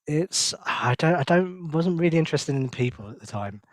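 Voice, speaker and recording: A man's voice: a little high, lively intonation, fairly quick, no echo. A man co-hosting a casual chat show, reading hesitantly with frequent fillers and chatting about travel. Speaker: podcast co-host.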